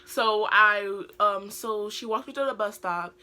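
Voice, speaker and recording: British teenage girl, rambling storytime vlogger, crisp bright tone, lots of fillers. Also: medium pitch, a little slow, a little hiss or hum. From Britain. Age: teens. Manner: rambling, heavy use of filler words. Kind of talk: casual storytime vlog.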